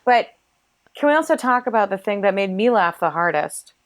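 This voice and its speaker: A woman's voice: mid-range voice, lively intonation, moderate pace. A woman guesting on a podcast in casual chat, playful and jokey, slipping into silly voices.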